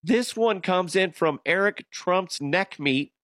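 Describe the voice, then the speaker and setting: A man's voice: sits high, expressive, slow pace, fairly bright tone, a little hiss or hum. A man reading out listener messages on a comedy podcast, amused and laughing between lines. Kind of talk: casual comedic chat.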